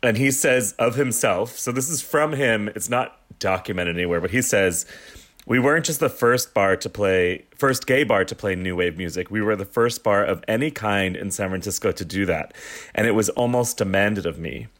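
A man hosting a podcast, relaxed, telling a history in a storytelling way. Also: on the low side, moderate pace. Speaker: host.

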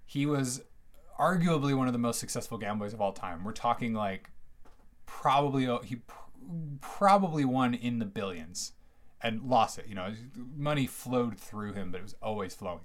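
A man's voice: medium pitch, animated, normal speed. A man hosting a solo podcast from home, chatting in a rambling, digressive way with many fillers and bursts of enthusiasm. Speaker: podcast host. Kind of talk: casual solo podcast monologue. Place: at home near a fridge.

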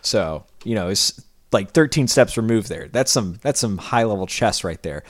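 A man co-hosting a podcast who talks casually with dry, deadpan sarcasm. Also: on the low side, moderate pace, no echo. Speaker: podcast co-host. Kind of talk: casual chat.

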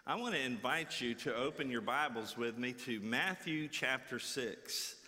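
Bright-voiced folksy preacher in a ringing hall. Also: male voice, mid-range voice, moderate pace. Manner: folksy, animated, repeats words for effect. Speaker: guest preacher. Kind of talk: sermon with storytelling. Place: church before a congregation.

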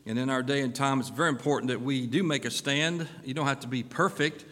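Middle-aged pastor, folksy and filler-heavy, mid-pitched, recorded in a reverberant sanctuary. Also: male voice, quick pace. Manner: folksy, filler-heavy, lively rises of emphasis. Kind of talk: church announcements and sermon. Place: church sanctuary. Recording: long church-hall reverb.

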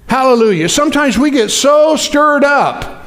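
A male pastor preaching with a strikingly high voice. He talks to his congregation casually, with lots of "you know" and "uh". Now and then he rises into loud, fervent shouts. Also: expressive, measured pace. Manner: folksy preaching, many fillers, rising to shouts. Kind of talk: sermon.

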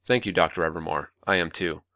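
A man voicing a sharp-tempered woman scientist, brisk and defensive, in a dry close recording. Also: low-pitched, no room sound. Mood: curt.

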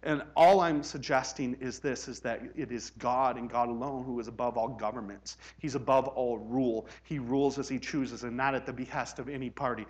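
A man from the United States preaching a sermon in a conversational way, rising to loud, emphatic peaks. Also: medium pitch, steady tone, moderate pace, few pauses. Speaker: pastor.

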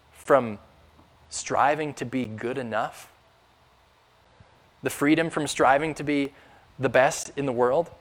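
Earnest male preacher. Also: a little high. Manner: earnest, emphatic, rising with rhetorical questions. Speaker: pastor. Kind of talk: sermon.

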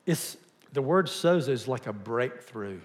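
A male pastor giving a conversational sermon in a church, asking the congregation questions and dropping to a quiet voice for emphasis. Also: mid-range voice, expressive, measured pace, long reverb tail.

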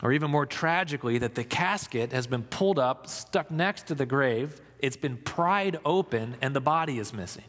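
A pastor giving an Easter sermon, reflective and storytelling, dropping soft for emphasis. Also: male voice, mid-range voice, animated, long reverb tail. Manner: slow, reflective, dramatic pauses, soft for emphasis.

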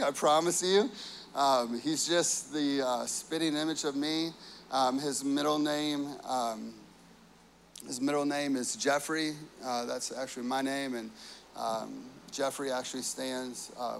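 Casting note: thirtysomething male pastor, high-pitched, loose chatty storyteller. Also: slight background noise. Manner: chatty, full of "like" and "you know". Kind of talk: sermon story.

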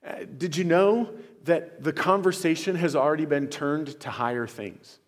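A male pastor speaks to his congregation in an earnest, chatty, enthusiastic way. His voice sits a little higher than most men's and carries a long echo through the church hall. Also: moderate pace. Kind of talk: sermon with church announcements. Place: church sanctuary.

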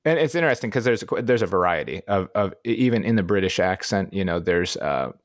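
A man's voice: low voice, lively intonation, quick pace, no echo, clean studio sound. A man with a Midwestern American accent, co-hosting a podcast in casual, rambling chat with frequent laughs and restarts. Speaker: podcast co-host.

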